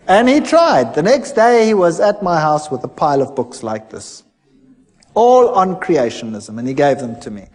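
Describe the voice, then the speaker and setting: Animated man telling his testimony. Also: high-pitched, long reverb tail. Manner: animated storyteller acting out quoted dialogue. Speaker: former science lecturer telling his conversion story. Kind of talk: personal testimony talk.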